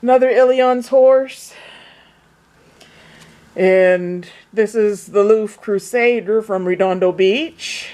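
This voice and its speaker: A chatty woman talks through her handmade pieces in a relaxed home vlog. She rambles cheerfully and restarts her sentences. Her voice sits at an ordinary middle pitch. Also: takes it slowly. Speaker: vlogger. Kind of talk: casual show-and-tell vlog.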